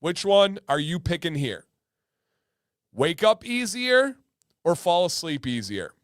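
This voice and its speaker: A man's voice: on the high side, big pitch swings, takes it slowly, dry recording, clean studio sound. A man hosting a casual livestream, playful and joking, often repeating his lines for laughs. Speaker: livestream host.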